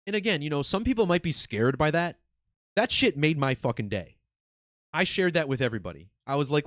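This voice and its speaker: Lively man chatting to his viewers. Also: a little high, brisk, no room sound, clean studio sound. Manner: excited, conversational, swears casually. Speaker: video host. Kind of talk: casual monologue to viewers.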